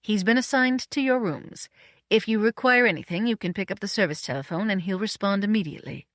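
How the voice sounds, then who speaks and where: A woman's voice: mid-range voice, brisk, no room sound, studio quality, lightly acted. Woman doing a dignified formal housekeeper. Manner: polite, formal, recited. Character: dignified middle-aged housekeeper, formal and careful.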